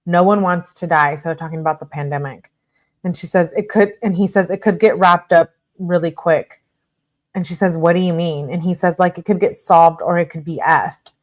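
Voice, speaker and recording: A woman with a lowish voice reads a string of text messages aloud as a true-crime host. She moves through them briskly and stops now and then to add blunt comments of her own. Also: steady tone. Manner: brisk reading punctuated by blunt asides.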